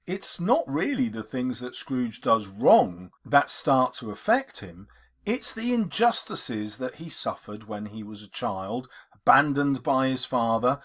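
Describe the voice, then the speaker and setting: Expressive male English teacher. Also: fairly high pitch. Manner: emphatic, expressive explaining. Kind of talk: literature lesson.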